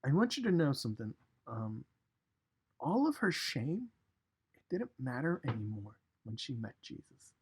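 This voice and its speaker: A man leading a youth devotional, telling a story in a lively way and speaking straight to his listeners. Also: medium pitch, a little slow, pauses often, breathy edge. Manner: animated storytelling, direct address to listeners. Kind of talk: casual recorded devotional talk.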